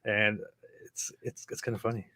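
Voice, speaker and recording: A man hosting a casual livestream chat, relaxed and easily amused by his guest. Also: fairly low pitch, normal speed, no echo, clean studio sound. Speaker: livestream host.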